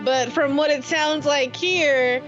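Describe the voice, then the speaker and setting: A woman's voice: sits high, steady tone, lo-fi sound, over music. A woman player thoughtfully describing her character's feelings in a tabletop game. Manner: slow, thoughtful.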